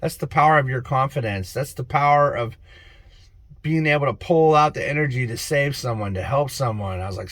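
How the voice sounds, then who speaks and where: A man giving an excitable, preachy spiritual monologue to camera as a vlogger, laughing at his own stories. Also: medium pitch, brisk, dry recording.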